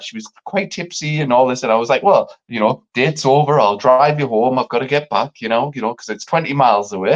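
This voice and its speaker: A man hosting a live show, telling a long story casually, swearing a lot and acting out the other people's lines. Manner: animated, swearing, acts out quotes with big pitch jumps. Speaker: podcast host. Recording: dull lo-fi live stream audio.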